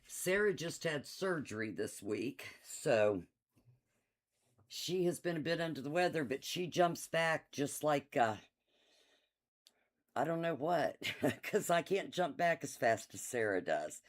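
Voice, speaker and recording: A woman's voice: sits low, animated, slow. A middle-aged woman hosting a live quilt shop sale in her shop, chatty and enthusiastic, laughing often and reading out item numbers. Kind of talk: casual live-stream sales chat.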